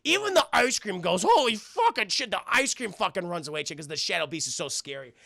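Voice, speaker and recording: A man's voice: sits high, big pitch swings, quick pace, vocal fry, sharp tone, dry recording, studio quality. A man streaming a casual cartoon recap, swearing freely and talking to his chat. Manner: profane, keeps addressing chat.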